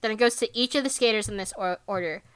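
A woman chatting casually as a podcast co-host, very animated, laughing often, filling her talk with "like" and acting out characters with sudden jumps in pitch. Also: fast, clear, resonant tone, no room sound. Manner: swears casually, lots of filler "like". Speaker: podcast co-host recapping an anime episode. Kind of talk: casual chat.

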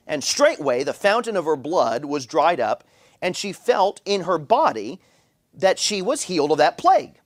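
Animated male pastor preaching a sermon. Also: a little high, normal speed. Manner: animated preaching with frequent stammered repeats. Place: church.

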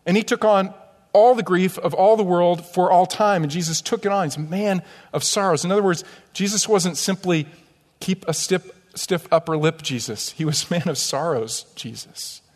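A man pastor preaching a sermon, animated and full of rhetorical questions to his congregation. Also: high voice, normal speed, in a large hall. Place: church sanctuary.

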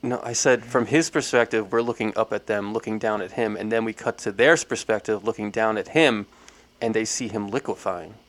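A man co-hosting an improv show, building a horror plot in animated casual chat full of fillers. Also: fairly low pitch, a little fast. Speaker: improv podcast co-host.

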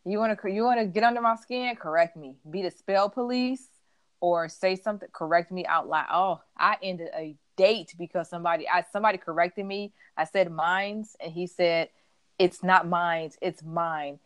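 A woman co-hosting a casual podcast chat, telling animated stories. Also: on the low side, normal speed, no echo. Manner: chatty storyteller, animated retellings. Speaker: podcast co-host.

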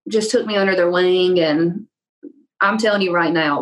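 A woman's voice: fairly low pitch, moderate pace, low-quality recording. A young woman from Louisiana with a thick Southern accent, a country singer-songwriter chatting on a podcast and telling stories with lots of laughter. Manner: laughs often, animated storytelling. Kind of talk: casual podcast interview.

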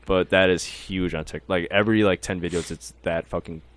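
A young Mexican-American man hosts a podcast in a deep, steady voice at a fairly quick pace, with no echo. He chats casually and rambles, swearing freely and laughing often.

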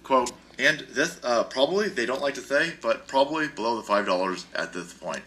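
A man's voice: mid-range voice, expressive, a little fast, bright, forceful tone, a little hiss or hum. A man hosting a podcast, delivering a heated, sarcastic and profane rant. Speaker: podcast host. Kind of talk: ranting podcast commentary.

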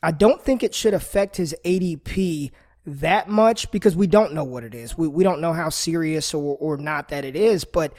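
A man's voice: fairly high pitch, moderate pace, a little mellow. A man appearing as a guest analyst on a sports podcast, enthusiastic but often restarting his sentences. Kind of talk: casual chat.

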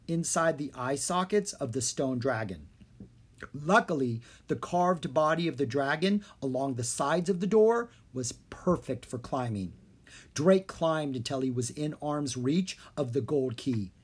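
A narrator reading a children's fantasy book aloud with steady storytelling. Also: medium pitch, breathy edge. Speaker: audiobook narrator.

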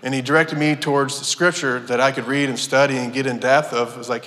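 A man's voice: mid-range voice, bright, forceful tone. Earnest man giving testimony in a hall. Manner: earnest, halting with many restarts. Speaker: church member giving testimony. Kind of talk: personal testimony. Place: church sanctuary. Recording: long hall reverb.

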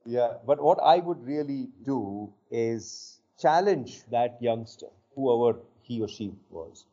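An older man speaks as a guest in an interview, measured and thoughtful as he tells his stories. His voice is mellow and warm, and the recording sounds a bit dull and lo-fi. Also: mid-range voice, lively intonation. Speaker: executive coach, interview guest. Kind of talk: reflective interview storytelling. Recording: muffled lo-fi audio.

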